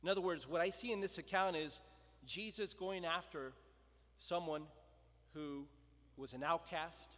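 A man preaching a sermon, telling the story with lively voices for the crowd and stopping to ask his listeners questions. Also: a little high, unhurried, pauses often. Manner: animated storytelling, acting out the crowd and quotes. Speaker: pastor. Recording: long reverb of a large hall.

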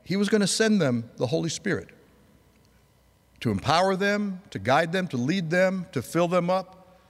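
A man's voice: high voice, expressive, normal speed. A man in his sixties, preaching a sermon: he rambles through a personal story, then builds to fervent preaching. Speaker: pastor. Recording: long hall reverb.

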